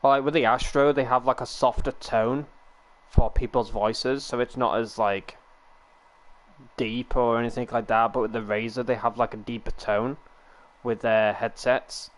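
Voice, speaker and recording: A man's voice: mid-range voice, steady tone, moderate pace. A man, chatting casually with stream viewers on a headset and rambling with frequent chuckles. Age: 20s. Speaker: livestreamer. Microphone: gaming headset.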